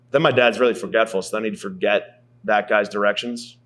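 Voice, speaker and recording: A man's voice: on the low side, fairly even intonation, brisk, fairly bright tone. A man in his thirties delivering a rambling, profane, self-mocking comedy monologue as a podcast host. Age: 30s.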